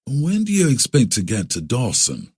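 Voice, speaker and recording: A man's voice: medium pitch, huge pitch swings, normal speed, a little mellow, slightly rough, pitched above the performer's own voice, heavily acted. A man voicing a seasoned frontier man who explains things in a confiding, storytelling way.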